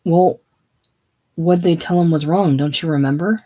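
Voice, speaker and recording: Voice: medium pitch, expressive, unhurried, mellow. A reader voicing an earnest, anxious young male mechanic in a casual play reading, with strained, pleading delivery. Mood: worried.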